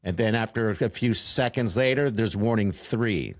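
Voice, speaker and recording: A man with a fairly low voice chats casually on a podcast. He rambles with fillers and laughs often. The sound is dry and close. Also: normal speed, dry recording. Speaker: podcast co-host. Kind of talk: casual chat.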